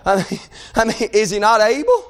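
A male preacher giving a fervent sermon, breaking into shouts and dropping to hushed tones. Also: high-pitched, very animated, moderate pace. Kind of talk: revival sermon.

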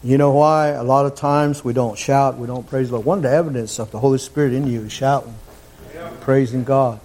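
A man preaching a fervent sermon in a church, sometimes rising to shouts. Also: medium pitch, fairly even intonation, fairly quick.

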